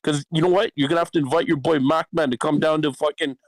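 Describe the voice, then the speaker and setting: A man's voice: on the high side, fairly even intonation, fast talker, no room sound. A man on a boxing podcast call, brash and profane, taunting the others. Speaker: podcast panelist. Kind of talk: heated casual debate.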